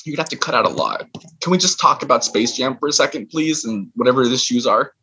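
A man chatting on a podcast, sheepish and quick to apologize. His voice has a very bright, sharp edge. Its pitch sits in the middle. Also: animated, breathy edge. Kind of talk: casual chat.

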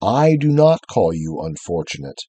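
A man voicing a vast lion with a deep, low voice, calm and commanding, in a read-aloud story. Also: normal speed, slightly rough, no echo, full character voice. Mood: solemn.

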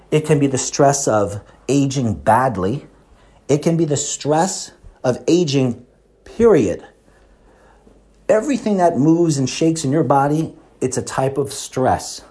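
A man in his fifties hosts a health talk as a monologue and speaks straight to his listeners. His voice is mellow and warm, and his pitch swings widely as he lectures and poses rhetorical questions. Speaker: host.

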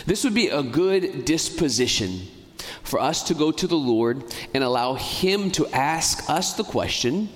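Earnest priest preaching in a reverberant church. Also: male voice, fairly high pitch, animated. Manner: earnest, pleading, speeds up and slows down. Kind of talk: sermon.

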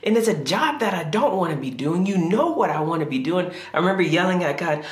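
Earnest pastor in an echoey room. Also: male voice, fairly high pitch, big pitch swings, fast, hardly any pauses. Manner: earnest, confessional, voice rises when reenacting prayers. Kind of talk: sermon.

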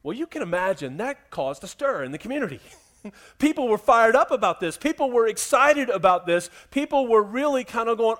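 Man, pastor, high voice, church sermon, swings between quiet pleading and loud storytelling. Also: lively intonation, normal speed.

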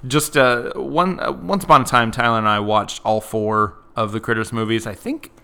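A man's voice: mid-range voice, steady tone, moderate pace, vocal fry, bright, forceful tone, clear, resonant tone. A man co-hosting a podcast, recapping a movie in casual chat, saying "like" a lot and laughing easily. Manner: chatty, fills with "like" often, laughs easily. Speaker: podcast co-host.

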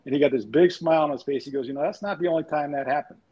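On a casual podcast panel, a former sportswriter from New York tells animated stories and acts out voices, talking very fast. His voice is a little high with a breathy edge, and the audio is dull and lo-fi.

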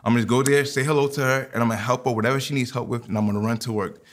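A man preaching a sermon, leading communion and then telling a personal story with lively quoted dialogue. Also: medium pitch, rapid-fire. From New York. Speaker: pastor.

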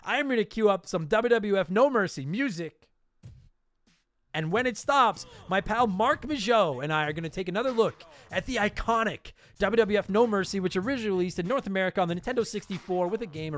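A man hosting a casual podcast, excitable and swearing freely into a close mic. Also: sits high, a little fast. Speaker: podcast host.

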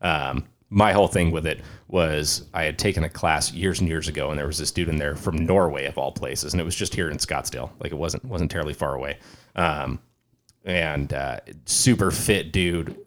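Very deep-voiced male podcast host. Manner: laid-back, swears casually, trails off softly. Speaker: podcast host, police officer. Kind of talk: casual podcast chat.

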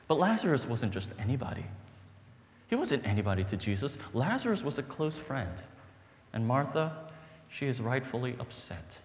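A man preaching a sermon as pastor, conversational and animated, often checking in with "right?" and "okay?". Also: mid-range voice, big-room sound.

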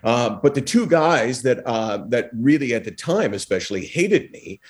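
A former talk show host telling lively stories as a podcast guest, acting out quotes and using lots of fillers. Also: male voice, mid-range voice, normal speed. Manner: animated storyteller, acts out quotes, frequent fillers. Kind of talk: storytelling in a podcast interview.

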